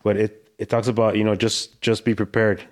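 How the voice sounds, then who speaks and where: A man guesting on a podcast in casual chat, laid-back and halting, calling people bro. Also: lowish voice, level tone, darkish tone.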